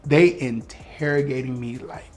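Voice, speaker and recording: A young man telling a comic story to friends, animated and profane, laughing often. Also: mid-range voice, measured pace, soft background music. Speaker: guest storyteller.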